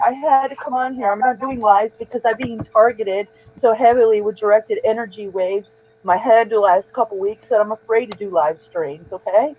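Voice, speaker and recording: A woman's voice: fairly high pitch, normal speed, darkish tone. Upset woman rambling on a live stream. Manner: agitated, rambling, repeats herself. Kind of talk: emotional live-stream monologue. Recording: dull lo-fi stream audio.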